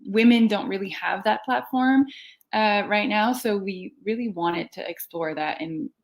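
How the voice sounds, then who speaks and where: A woman's voice: mid-range voice, unhurried. A woman with a French accent, a filmmaker guest chatting casually and laughing often between her answers. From France. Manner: giggly, frequent laughter and fillers. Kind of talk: casual interview chat.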